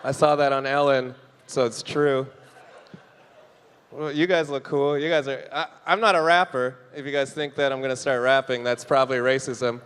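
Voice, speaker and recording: In a reverberant comedy club, a young man from Canada works a handheld mic, bantering with the crowd and putting on voices for quotes. His medium-pitched voice is clean and a bit bright, with fairly even intonation at a normal speed.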